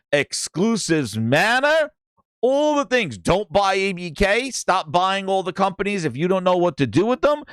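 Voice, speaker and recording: A man with a high, clear, resonant voice hosts a gaming livestream, ranting animatedly with profanity and calling out viewers by their chat names. The audio is clean studio sound with no room echo.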